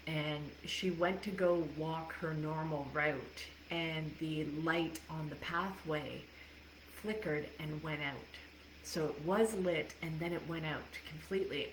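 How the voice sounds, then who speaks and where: A woman's voice: sits low, slight background noise. A woman life coach talking candidly to a live audience, swearing freely and laughing often. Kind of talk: casual livestream talk. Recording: echoey room with faint ambience.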